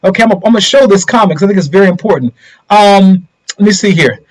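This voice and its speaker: A man's voice: high-pitched, quick pace, darkish tone, low-quality recording. A middle-aged man hosting a casual political commentary livestream, talking straight to viewers and asking them rhetorical questions.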